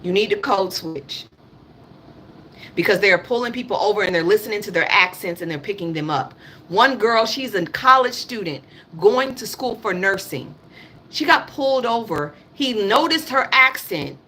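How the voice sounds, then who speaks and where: A woman's voice: mid-range voice, animated, normal speed, sharp tone, slightly rough. A woman in her thirties speaking African American English, hosting a casual livestream and ranting bluntly, repeating her points and swearing. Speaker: livestream host. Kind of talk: casual political livestream rant.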